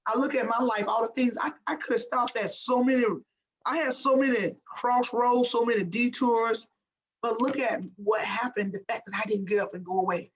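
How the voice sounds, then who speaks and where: A woman's voice: fairly high pitch, normal speed, a little hiss or hum, rough recording. Emphatic former athlete, a woman. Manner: emphatic and animated, repeats "I said" and "I'm telling you". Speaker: former pro basketball player, guest. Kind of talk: motivational storytelling in an interview.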